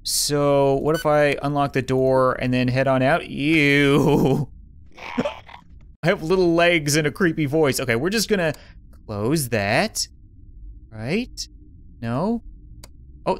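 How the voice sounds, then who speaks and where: A woman's voice: low voice, a little slow. A woman gamer giving playful, jokey commentary over a video game, with sudden squeals and giggles and muttering through puzzles half to herself. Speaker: let's play gamer.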